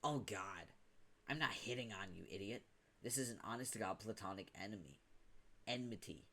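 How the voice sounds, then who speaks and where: A foul-mouthed teenage troll boy, as a man reads him aloud from a webcomic, rants and hurls insults in a lowish voice. His temper never cools. Each line is a furious jab. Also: lively intonation, moderate pace, sharp tone, exaggerated voice. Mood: scornful. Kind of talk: dramatic reading of a webcomic.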